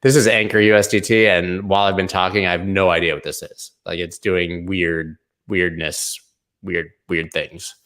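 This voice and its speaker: A man's voice: low voice, flat delivery, normal speed, a bit bright. A man hosting a live crypto stream, talking casually and loosely over price charts with slang and asides. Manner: loose, rambling, slangy, hums and sings snippets. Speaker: crypto show host.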